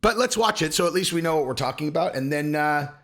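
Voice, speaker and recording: A man with a fairly high, bright voice rants casually to camera as an online commentator, talking quickly with lively intonation. He rambles, gets crude, and often cuts himself off mid-sentence.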